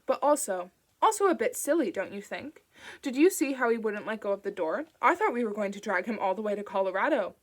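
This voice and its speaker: A woman voicing a calm, falsely kind sinister man who speaks in a patronizing tone. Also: mid-range voice, fairly quick, natural voice. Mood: smooth patronizing.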